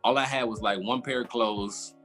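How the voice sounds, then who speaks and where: A man's voice: mid-range voice, fairly even intonation, normal speed, a bit bright, soft background music. A man, casually telling a long story as a podcast guest and acting out his own past reactions. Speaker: former football player, guest.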